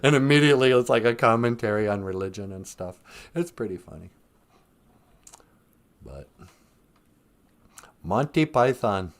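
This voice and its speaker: A man chats casually on his own live stream, rambling from one joke to the next and laughing at himself. His pitch swings widely as he acts out the lines he quotes. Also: animated, measured pace, long pauses. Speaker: live stream podcast host.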